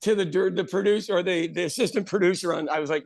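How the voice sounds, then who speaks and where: A man in his fifties from Ireland, a podcast co-host telling stories in casual chat, animated and swearing freely, acting out other people's lines. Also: high voice, fast talker, creaky, no echo. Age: 50s.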